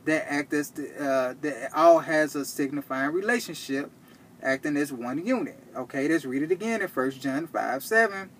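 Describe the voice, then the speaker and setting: A man teaching from the Bible, reading verses slowly and checking in with "okay?" after each point. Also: on the high side, slight background noise. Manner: reads verses slowly and deliberately. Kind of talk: scripture teaching to camera.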